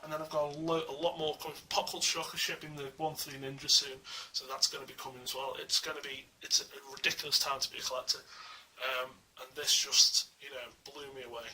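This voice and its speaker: Very bright-voiced man gushing. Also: mid-range voice, flat delivery, fast, hardly any pauses. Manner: enthusiastic and gushing, rambling with many fillers. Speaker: statue collector reviewing a figure. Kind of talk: casual video review. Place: at home with the statue. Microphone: small camera mic. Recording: distant mic with faint hiss.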